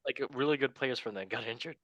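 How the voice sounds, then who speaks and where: A man's voice: mid-range voice, quick pace, fairly bright tone, dry recording, low-quality recording. A man hosting a casual sports podcast, upbeat and jokey with a rambling way of talking. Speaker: podcast host.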